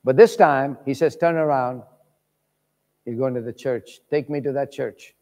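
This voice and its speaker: A man preaching a sermon, telling stories with lively voices for the people in them. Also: mid-range voice, a little slow. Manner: animated, acts out voices in stories. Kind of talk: sermon storytelling. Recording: long reverb of a large hall.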